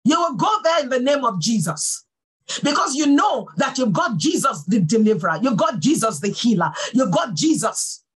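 A woman pastor giving a sermon, fervent and full of praise exclamations, swinging from soft talk to calling out. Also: a little high, big pitch swings, normal speed, slightly rough, rough recording.

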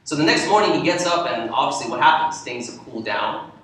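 A man, an imam, gives a talk in a church, telling an animated story to warm up the audience. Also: medium pitch, fast, slight background noise. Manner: animated storyteller, lively when quoting. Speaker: imam giving a presentation. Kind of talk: lecture with storytelling. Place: church hall. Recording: echoey hall, from far off.

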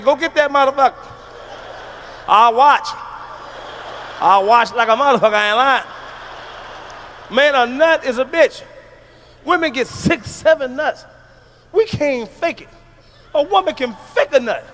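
Brief: male stand-up comic, very high voice, brash and profane, faint noise behind him. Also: normal speed, long pauses. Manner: brash, profane, with sudden shouted bursts. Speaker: stand-up comedian. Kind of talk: stand-up comedy routine.

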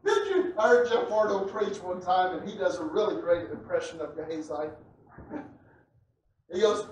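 Preacher shouting in an echoey church. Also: male voice, sits high, sing-song, normal speed. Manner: builds to loud shouting passages, repeats words, chuckles. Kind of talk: sermon. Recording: echoey church hall from a distant mic with faint noise.

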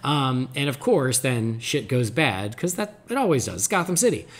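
A man co-hosting a podcast, giving a rambling, animated recap of a cartoon episode in casual chat. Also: medium pitch, moderate pace. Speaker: podcast co-host.

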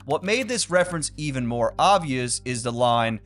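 A man narrating a story-explainer video, animated and emphatic, with blunt asides to the audience. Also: mid-range voice, normal speed. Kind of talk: scripted commentary narration.

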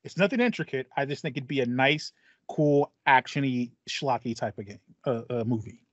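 A man's voice: medium pitch, normal speed, no echo, muffled recording. A man co-hosting a gaming podcast, talking casually and rambling through his ideas with restarts and fillers. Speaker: podcast co-host. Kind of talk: casual chat.

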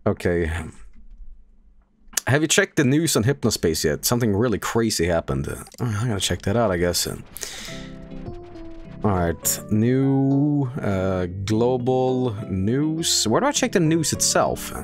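A man from Sweden gives casual game commentary, joking and goofing around. His pitch sits in the middle, and his intonation is lively and animated. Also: a little slow, faint music behind. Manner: joking, goofy, riffing on game text. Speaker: streamer.

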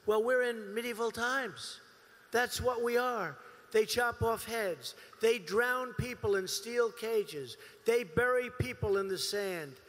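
Campaign-rally speaker, male, punchy repeats, measured pace, bright tone in a big echoing venue. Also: very high voice. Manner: emphatic, repetitive phrasing. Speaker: political candidate. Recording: long reverb of a large hall.

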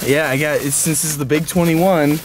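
A man answers with short, dry remarks in a relaxed chat. His voice is level and unforced, and clear background noise runs under it. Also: brisk. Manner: low-key and dry, short replies. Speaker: co-host. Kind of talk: casual chat.

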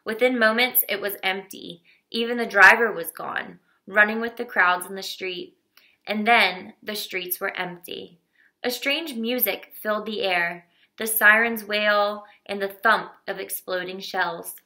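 A woman narrating a children's novel in a steady, expressive reading voice. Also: medium pitch, a little slow. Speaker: audiobook reader.

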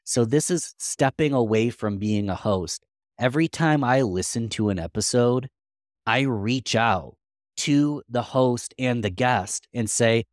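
A man's voice: medium pitch, a little slow, dry recording, studio quality. Earnest man giving practical advice. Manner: earnest, practical, thinks aloud. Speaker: podcast guest. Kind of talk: conversational interview answers.

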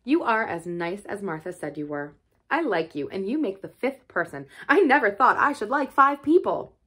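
A woman's voice: mid-range voice, expressive, moderate pace, bright, forceful tone, husky. A woman voicing an earnest young girl, once contrary, who speaks in a pleading, heartfelt way. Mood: warm.

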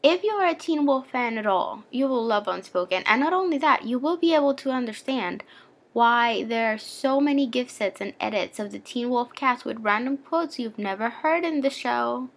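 Young female book vlogger, eager and playful, somewhat high with a creaky edge. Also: lively intonation, normal speed. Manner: gushing, chatty fangirl with playful asides. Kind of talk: casual book recommendation vlog.

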